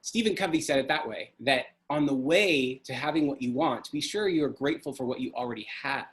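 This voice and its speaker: A man's voice: medium pitch, fairly quick, fairly bright tone. A middle-aged man telling a personal story in an earnest, emotional way. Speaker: speaker.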